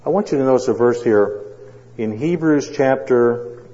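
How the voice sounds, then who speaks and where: Mellow-voiced preacher in an echoing hall. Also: male voice, medium pitch. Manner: dramatic storytelling with long pauses. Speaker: pastor. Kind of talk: sermon. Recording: dull sound, long hall echo.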